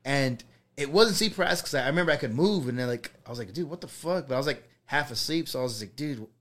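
A man's voice: medium pitch, rapid-fire, a bit bright. A young man telling a personal ghost story on a podcast, rambling with lots of fillers and swearing. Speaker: podcast co-host. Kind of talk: casual storytelling.

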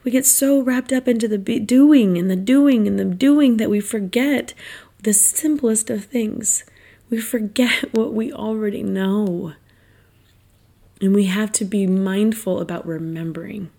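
Woman podcast host, chatty, reflective, mid-pitched, conversational. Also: measured pace, vocal fry, mellow. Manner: chatty, reflective, frequent "like" and "right?". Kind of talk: casual monologue.

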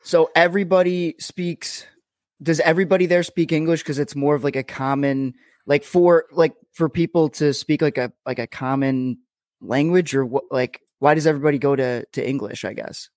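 A man's voice: on the high side, fairly even intonation, moderate pace, a little mellow, dry recording, studio quality. A man hosting a podcast, asking rambling, hesitant questions in casual chat. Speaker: podcast host.

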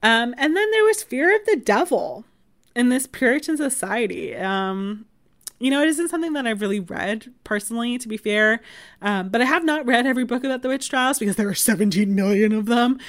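A woman's voice: fairly high pitch, lively intonation, a little fast. Woman around 30, history podcast host, casual, filler-heavy delivery, wry asides. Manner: chatty, many fillers like "like" and "um". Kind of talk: casual explanatory history talk.

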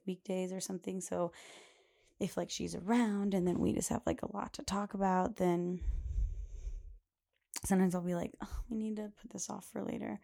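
A woman hosts her podcast in a chatty, rambling monologue, with a filler every few words. Her voice is gravelly and mellow. She sits at a middle pitch. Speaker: podcast host. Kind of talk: casual monologue.

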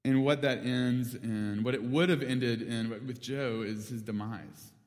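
A young man giving a sermon, telling a story with lively acted-out quotes before turning to scripture. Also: mid-range voice, measured pace. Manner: animated storyteller, acts out quotes. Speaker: preacher. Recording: long reverb of a big hall.

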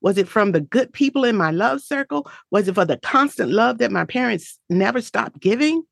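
A woman's voice: a little high, lively intonation, moderate pace, gravelly, dry recording. Woman doing a heartfelt faith-y motivational talk, dry close sound. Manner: earnest and reflective, faith-filled.

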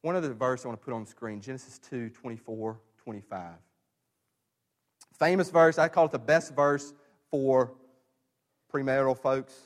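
A middle-aged man preaching from the pulpit in a mid-pitched voice, with a long reverb trailing off each phrase in the church hall. He stresses key words loudly, repeats himself for effect, then drops to a hushed, earnest tone. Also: moderate pace, long pauses. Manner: emphatic, repeats phrases, swings from loud stresses to quiet lows. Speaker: pastor. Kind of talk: sermon.

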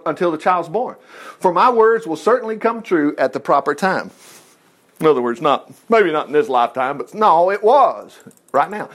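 A man preaching a folksy sermon, acting out the Bible characters as he reads. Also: high voice.

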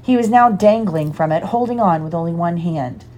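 A woman giving a lively, expressive storybook narration. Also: lowish voice, moderate pace. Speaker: audiobook reader.

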